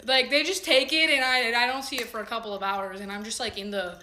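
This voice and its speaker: A woman's voice: on the high side, steady tone, quick pace, bright, forceful tone. A young woman telling a personal story to camera in loose, slangy talk with plenty of swearing. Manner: slangy, loose, swears freely, acts out what others said. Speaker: vlogger. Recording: roomy echo.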